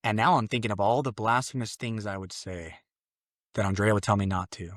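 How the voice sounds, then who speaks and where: Speaking brisk and fairly low, with fairly even intonation, this young podcast guest from a Mexican family rambles casually through a personal story, using fillers and performing others' lines. No room sound; clean studio audio.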